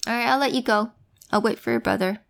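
Greedy troll, male, slow, grunting, gloating, storybook, woman putting it on. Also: a little high, gravelly. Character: greedy hungry male troll under a bridge. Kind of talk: storybook reading.

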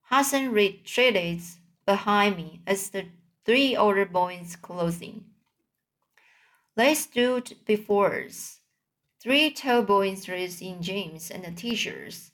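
A woman's voice: mid-range voice, a bit bright. A woman reading a novel aloud, carefully, now and then correcting herself. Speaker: audiobook reader.

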